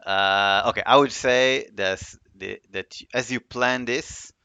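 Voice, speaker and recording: A man's voice: mid-range voice, slow pace, sharp tone, clean tone, dry recording, lo-fi sound. A man running a tabletop game on a stream call, talking in a laid-back, hesitant way with fillers and laughs. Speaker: game master. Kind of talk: casual tabletop game talk.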